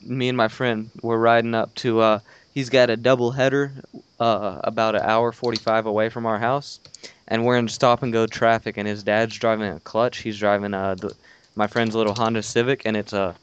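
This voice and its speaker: A young man co-hosting a hunting podcast, telling animated stories in casual chat and swearing freely. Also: mid-range voice, moderate pace, clean tone. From Georgia. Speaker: podcast co-host. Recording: dull lo-fi audio.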